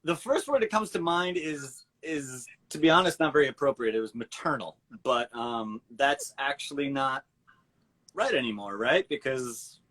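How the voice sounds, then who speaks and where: A man's voice: mid-range voice, animated, normal speed, a bit bright, low-quality recording. A man, a voice actor, chatting casually on a video call in a hesitant, rambling way. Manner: rambling, hesitant, many restarts. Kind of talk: casual chat.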